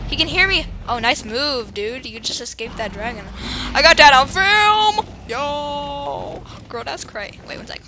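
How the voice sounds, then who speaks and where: A woman's voice: sits high, lively intonation, measured pace, background noise. A woman giving playful, silly commentary while playing a video game. She cracks jokes at the other players and bursts into dramatic screams and exclamations. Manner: jokey asides to other players. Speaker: gaming YouTuber.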